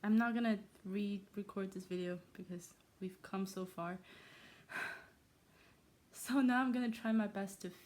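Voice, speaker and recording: Woman from China with a soft, warm-toned voice and a homemade mixed accent, chatting scattered and self-mocking as a vlogger. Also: mid-range voice, normal speed, long pauses. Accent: self-made blend of Irish, American and Chinese. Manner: playful, scattered, self-mocking, trails off often. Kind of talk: casual rambling monologue. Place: her own room.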